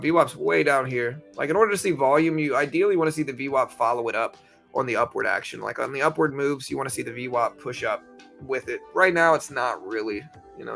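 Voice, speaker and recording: A man's voice: medium pitch, vocal fry. A young man hosting a live trading stream, talking casually and loosely, with lots of fillers and repeated phrases, and he has the hiccups. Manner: relaxed, rambling, repeats himself, many fillers. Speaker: livestream trading host.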